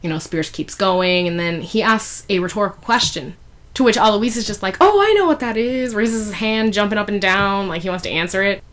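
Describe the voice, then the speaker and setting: A woman's voice: medium pitch, fairly quick, a bit bright. A woman casually recapping a fan fiction chapter, chatty, with many fillers and giggly asides.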